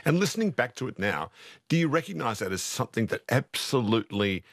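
A man's voice: medium pitch, very animated, fast talker, no echo, studio quality. An Australian man interviewing a guest, asking enthusiastic, probing questions in a conversational style.

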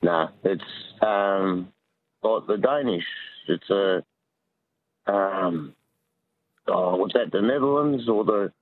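A man's voice: low voice, takes it slowly, pauses often. Australian man on a tinny phone line. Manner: rambling, excitable, lots of ums. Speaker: caller. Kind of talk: phone-in radio chat.

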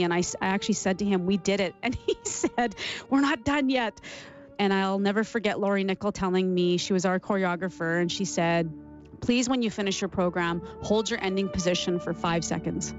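Emotional woman recalling memories. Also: fairly low pitch. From Canada. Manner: warm, emotional, laughs while recalling. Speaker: interview guest, former athlete. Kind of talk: reflective interview storytelling. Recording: dull lo-fi sound.

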